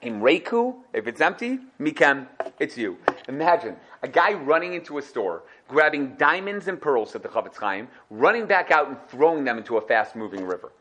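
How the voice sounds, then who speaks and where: A young man giving a scornful, sarcastic religious talk, swinging from loud outbursts to hushed asides. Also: a little high, big pitch swings, moderate pace, a little hiss or hum. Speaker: Torah speaker.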